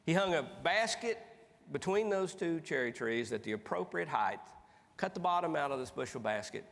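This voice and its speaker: Male motivational speaker, animated folksy storyteller, onstage in a big reverberant hall. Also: on the high side, normal speed, vocal fry. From East Tennessee. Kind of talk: storytelling keynote speech. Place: large conference hall stage.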